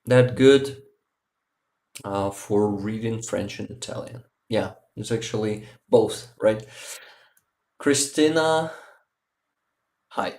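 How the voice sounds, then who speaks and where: Man, halting livestream chat. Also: lowish voice, a little mellow. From Ukraine. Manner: halting, with many fillers and repeated words. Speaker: livestream host. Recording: roomy echo.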